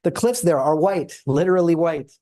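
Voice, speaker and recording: A woman's voice: lowish voice, normal speed, dark tone, close to an everyday voice. A woman with a Russian accent voicing her older, patriotic mother, insistent and indignant. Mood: scolding. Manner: insistent, scolding.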